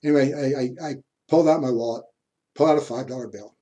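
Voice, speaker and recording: A man's voice: mid-range voice, quick pace, dark tone, highs cut off. Chatty man lecturing. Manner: chatty storytelling, chuckles often. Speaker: university history lecturer. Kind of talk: classroom lecture with anecdotes.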